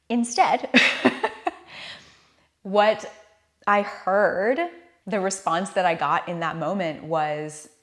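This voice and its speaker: A woman's voice: mid-range voice, expressive, extremely slow, long pauses. A young woman telling a personal story to camera in a casual, earnest, reflective way, laughing often. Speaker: vlogger sharing a personal story.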